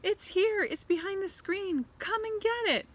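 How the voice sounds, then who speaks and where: A woman's voice: extremely high pitch, unhurried, pitched above the performer's own voice. A woman reading aloud voices a pack of shrieking female witches hunting a child. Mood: triumphant.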